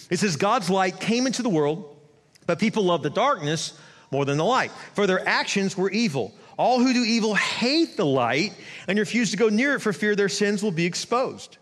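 A man preaching a sermon as pastor, animated and conversational, with quick asides to the congregation. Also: on the high side. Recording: long hall reverb.

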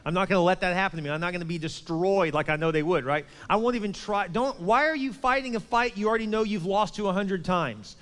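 High-voiced pastor preaching in a hall. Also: male voice, fast talker, hardly any pauses. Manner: emphatic, swings between loud and hushed. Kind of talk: sermon.

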